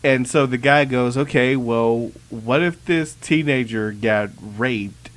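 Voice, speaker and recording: A man's voice: mid-range voice, takes it slowly. A man co-hosting a podcast in casual chat, explaining a clip for listeners. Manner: chatty, explains for listeners, laughs often. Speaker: podcast co-host.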